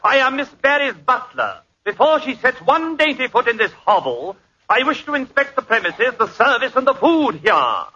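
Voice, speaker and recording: A man's voice: extremely high pitch, big pitch swings, moderate pace. A man with an English accent in 1940s radio comedy, haughty and pompous. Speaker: guest. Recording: dull old radio recording, hiss.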